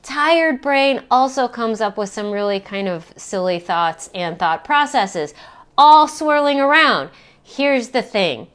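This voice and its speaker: A woman's voice: on the high side, animated, takes it slowly, fairly bright tone, clear, resonant tone. A middle-aged woman coach talking frankly and reflectively about her own struggles, with casual swearing. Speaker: self-help coach. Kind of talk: candid personal vlog talk.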